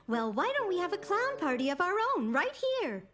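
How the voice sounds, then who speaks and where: An actress voicing a kind, patient cartoon grandmother who coaxes gently. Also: very high voice, big pitch swings, brisk. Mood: gentle. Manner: gentle, coaxing.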